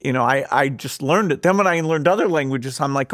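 A man's voice: medium pitch, fairly quick, a bit bright. A man hosting a podcast interview, talking casually and hesitantly with fillers. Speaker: podcast host. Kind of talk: conversational interview.

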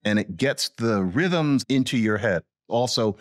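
A man's voice: a little slow, dry recording. Guy linguist guest on a podcast, voice jumps all over when he explains, dry close sound. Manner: animated explainer with big pitch swings. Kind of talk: conversational podcast interview.

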